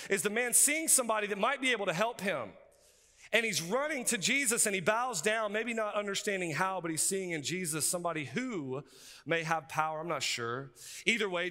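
A male pastor, preaching a sermon in an energetic, conversational way with frequent asides. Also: high voice. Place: seminary chapel. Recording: reverberant hall.

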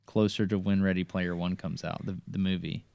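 A man chatting on a podcast, excitable and quick to launch into explanations. His voice sits fairly low. The sound is dry and close, with no room around it. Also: creaky, smooth, no echo. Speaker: podcast host. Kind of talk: casual chat.

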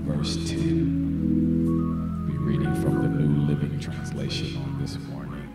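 A pastor preaching a sermon, calling on the congregation to answer back and building from soft talk to shouts. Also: male voice, rumbling low, monotone, slow pace, gravelly. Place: church sanctuary. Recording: echoey sanctuary from far off, faint music.

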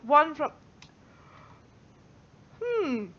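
A woman's voice: high voice, big pitch swings, very slow, dull audio. A woman gamer in casual chat, swearing casually and acting mock-annoyed.

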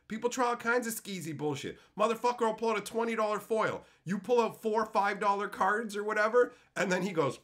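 A man's voice: sits high, brisk, few pauses. A man streaming as he opens card packs, telling heated, profane stories in a casual way. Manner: animated, puts on voices for quotes. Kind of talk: casual storytelling.

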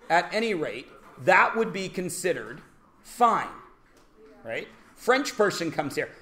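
A man teaches a classroom lesson, and his voice sits a little on the higher side. He is blunt and provocative and talks over his students. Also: animated, normal speed, sharp tone. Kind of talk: classroom lecture.

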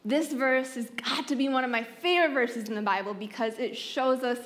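A young adult woman giving a sermon at a youth conference. She tells the story expressively with playful asides and often drops into soft, hushed tones. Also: sits high, moderate pace. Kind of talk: sermon, Bible teaching. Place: conference stage.

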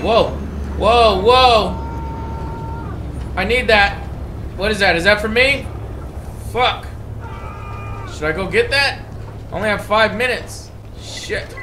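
A man hosting a gaming video, giving casual gameplay commentary that swings into excited, profane shouting. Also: sits high, noisy background.

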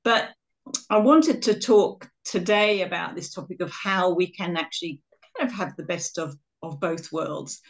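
A middle-aged woman from England gives a webinar talk over a video call, her voice on the low side for a woman. She tells stories in a chatty, self-deprecating way. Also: measured pace. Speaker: guest speaker.

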